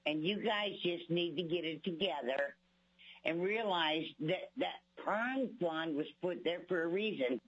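A woman's voice: lowish voice, a little slow, slightly rough, highs cut off. An older woman from Alaska giving blunt, exasperated public testimony, mocking the legislators she criticizes.

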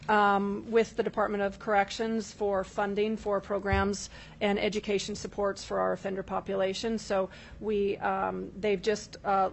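A woman official giving formal testimony at a legislative hearing, measured and full of filler ums, addressing the chair. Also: medium pitch, gravelly, slight background noise. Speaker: state corrections official testifying.

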